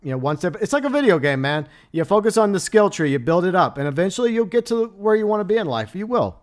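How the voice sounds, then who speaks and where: A man hosting his own livestream talks casually with his chat, answering messages and laughing often. His voice sits a bit above the usual male range. It comes through smooth and clear. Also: high voice, sing-song, quick pace. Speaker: livestream host.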